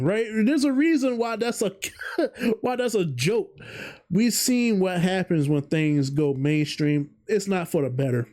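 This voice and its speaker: Unhurried and expressive, a man with a high, mellow voice hosts his own channel as a vtuber. In a casual commentary monologue he wanders through his opinions, interrupting himself and chuckling a lot.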